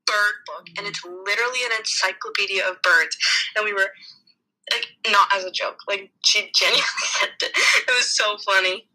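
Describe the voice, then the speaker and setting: A young woman, a podcast co-host chatting casually, who reads aloud and tells stories in an animated way, laughing as she goes. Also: mid-range voice, moderate pace, poor audio. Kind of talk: casual chat.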